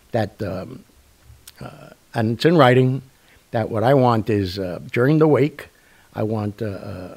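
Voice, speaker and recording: A man's voice: fairly low pitch, gravelly, a little mellow, slightly rough. An older man hosting a talk show, telling stories in a rambling, casual way with lots of fillers and restarts. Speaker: radio show host. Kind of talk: casual storytelling monologue.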